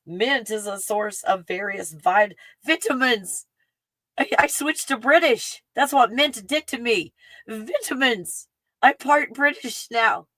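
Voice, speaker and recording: A woman with a Texan accent, hosting a casual livestream and chatting in an excitable, rambling way full of fillers. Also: on the high side, measured pace, hardly any pauses, no echo. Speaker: livestream host. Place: home in the mountains.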